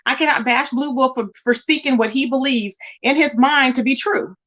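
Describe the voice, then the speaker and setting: High-voiced woman chatting on a livestream. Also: moderate pace, fairly bright tone, muffled recording. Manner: greets chatters by name, reads comments aloud, emphatic and repetitive. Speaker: livestream host. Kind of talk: casual livestream chat.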